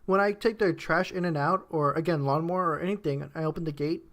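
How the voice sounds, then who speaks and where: A man co-hosting a podcast, telling a story in a relaxed, slightly defensive way. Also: fairly high pitch, fast. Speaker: podcast co-host. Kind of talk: casual chat.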